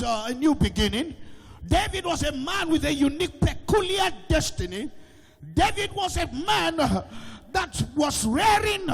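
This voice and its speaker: High, gravelly Nigerian preacher shouting. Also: male voice, in a large hall. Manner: shouting, sing-song preaching with call-and-response questions. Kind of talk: sermon. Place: church with a gallery.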